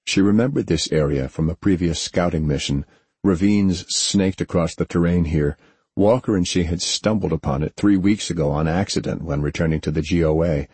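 A man reads a story in a steady, measured way. His voice sits very low and has a husky grain. The recording is dry, with no room sound. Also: dry recording. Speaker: audiobook narrator. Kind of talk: scripted narration.

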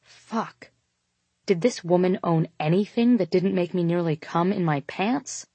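Low-voiced woman narrating an audiobook. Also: normal speed, mellow, dry recording. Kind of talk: scripted first-person narration.

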